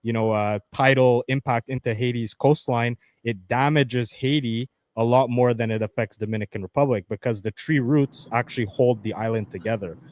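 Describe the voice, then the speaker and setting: A man explaining at length in a casual debate, halting and full of fillers. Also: mid-range voice, fairly even intonation, darkish tone, no echo.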